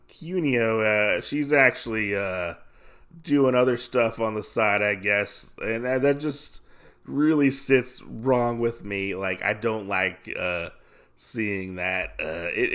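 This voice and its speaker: A man hosting a podcast, recapping a comic casually with rambling, halting asides. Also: on the low side, fairly bright tone. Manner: rambling, lots of fillers and restarts. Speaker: podcast host.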